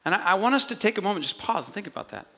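A male pastor preaching, his voice a little high and bright. He tells the story with animated energy and drops in jokey asides along the way. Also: rapid-fire. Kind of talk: sermon.

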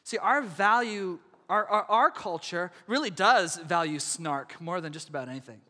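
A man preaching a sermon as pastor, in a lively, conversational way, often asking the congregation whether they follow. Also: high voice, moderate pace, big-room sound. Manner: animated, conversational, asks audience questions.

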